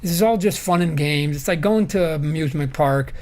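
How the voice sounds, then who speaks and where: Animated high-voiced man chatting as guest. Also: a little fast. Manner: animated, self-interrupting, groans in disgust. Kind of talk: casual podcast chat.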